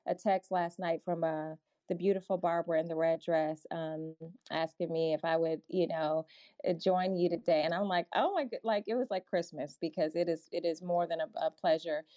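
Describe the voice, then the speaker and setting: Mellow-voiced woman hosting an interview. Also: fairly low pitch, steady tone, no room sound. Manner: warm, effusive, halting. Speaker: host. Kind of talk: casual interview.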